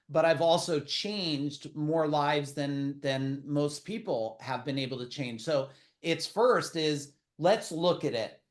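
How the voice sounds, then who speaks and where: A man hosting a livestream, talking in a loose conversational way and answering viewer questions. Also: on the high side. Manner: conversational, many fillers and restarts. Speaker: host.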